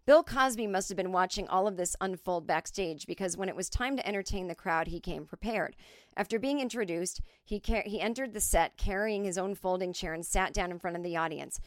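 A woman comedian telling a story in a casual, animated, profane and self-mocking way on a close mic. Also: lowish voice, brisk, no room sound. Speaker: comedian and podcast host.

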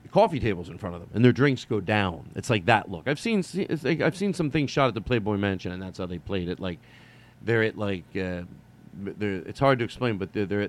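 A man rambling through a casual solo monologue to his viewers, digressive, with casual swearing and lots of fillers. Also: on the low side. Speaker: vlogger.

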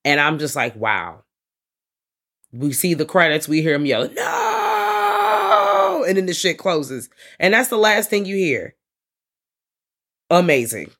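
A man co-hosting a podcast, recapping horror films in casual, animated chat full of slang and swearing. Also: a little high, measured pace, pauses often. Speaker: podcast co-host.

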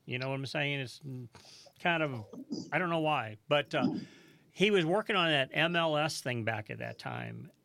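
A man's voice: fairly high pitch, sing-song, moderate pace, creaky, fairly bright tone, no echo. A man hosting a podcast, chatting casually and telling stories with many restarts. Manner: rambling storyteller with many restarts. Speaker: podcast host. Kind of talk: casual talk show chat.

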